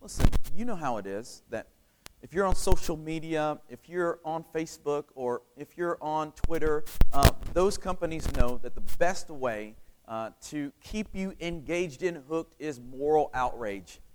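A male preacher delivering a sermon with animated storytelling, rhetorical questions and call-and-response with the congregation. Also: a little high, a little slow, noisy background.

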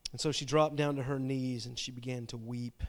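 A man's voice: mid-range voice, steady tone, fairly quick. A man preaching a sermon, retelling a story dramatically and often repeating his words. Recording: long reverb from a large hall.

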